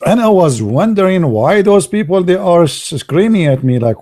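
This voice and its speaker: A man whose first language is Arabic, telling stories casually in broken English, excitable and laughing at his own jokes. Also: high-pitched, moderate pace. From Arab world. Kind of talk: casual storytelling monologue.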